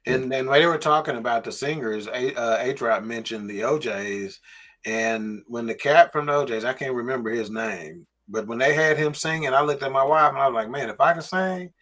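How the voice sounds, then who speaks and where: A man's voice: medium pitch, a little fast. A man co-hosting a casual review podcast, telling stories and acting out quotes. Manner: animated storyteller, acts out quotes. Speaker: podcast co-host. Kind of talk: casual chat.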